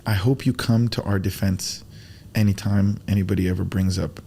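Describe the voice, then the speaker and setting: A man telling stories as a podcast guest in casual chat, animated, acting out quotes and using Arabic religious phrases. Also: low voice, moderate pace, gravelly, a little hiss or hum. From Arab world.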